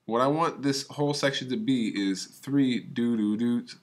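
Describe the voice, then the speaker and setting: A man's voice: mid-range voice, unhurried. A man teaching a video editing class, talking through each click step by step in a casual way. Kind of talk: screen-recorded software tutorial.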